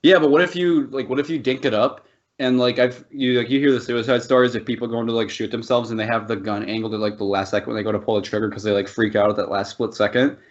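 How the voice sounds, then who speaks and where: On dull, lo-fi podcast audio, a co-host with a mid-range voice and fairly even intonation talks fast, rambling and laughing through loose banter with lots of swearing.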